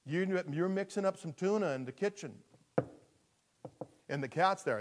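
A male pastor preaching a sermon in an animated storytelling manner, dropping to a hush and rising to shouts. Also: high-pitched, normal speed.

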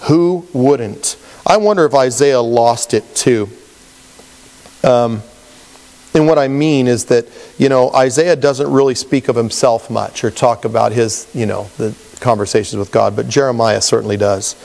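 A man preaching a Bible-teaching sermon as a pastor, conversational and animated, acting out quoted voices. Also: mid-range voice, measured pace, creaky. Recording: long reverb, as in a large hall.

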